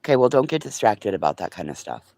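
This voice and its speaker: A man's voice: on the low side, very animated, fast, gravelly, darkish tone, no echo. A man in a casual, rambling live-stream chat, talking to his viewers and his pets early in the morning. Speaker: vlogger.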